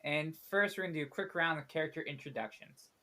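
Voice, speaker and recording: A man's voice: fairly high pitch, fast talker, pushed and bright. Laid-back man running a tabletop game. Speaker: dungeon master.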